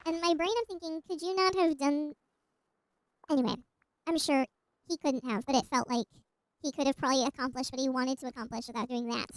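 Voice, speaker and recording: A woman's voice: high-pitched, steady tone, fairly quick, no room sound, poor audio. A woman streamer casually retelling a myth while gaming, rambling with asides and restarts.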